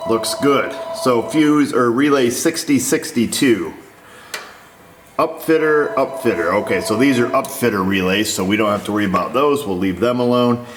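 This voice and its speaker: A man with a fairly low voice talks through a truck repair in a relaxed way, half to himself, as he checks parts. The recording has clear shop noise in the background. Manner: talks to himself while inspecting parts, easygoing. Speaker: auto repair technician. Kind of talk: casual workshop commentary.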